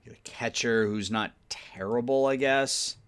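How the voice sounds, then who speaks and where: A gaming YouTuber with a smooth, medium-pitched, somewhat slow voice offers casual let's-play commentary on a baseball management sim. Sleepy and yawning now and then, he thinks aloud while running his team, muttering trade talk to the game's teams as he weighs deals.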